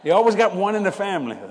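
Older man preaching with laughs, lively pitch. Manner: folksy, laughs often, swings between loud bursts and hushed asides. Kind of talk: humorous storytelling sermon. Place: church hall. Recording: hall reverb with faint background noise.

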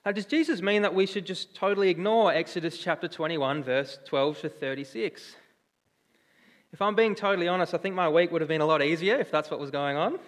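A young man preaching a sermon in a chatty, animated storytelling way, with restarts. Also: fairly high pitch. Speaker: pastor. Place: church hall. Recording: long church reverb.

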